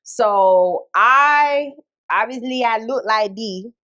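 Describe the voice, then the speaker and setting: A woman's voice: a little high, slow pace, lo-fi sound. A young woman from Atlanta, a radio host and podcast guest, telling stories in a casual interview and acting out what people said. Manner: animated storyteller, acts out quotes.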